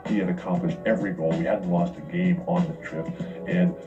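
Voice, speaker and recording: Deep male voice on a dull lo-fi track. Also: big pitch swings, fairly quick, creaky. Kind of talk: documentary-style recollection. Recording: dull lo-fi track with background music.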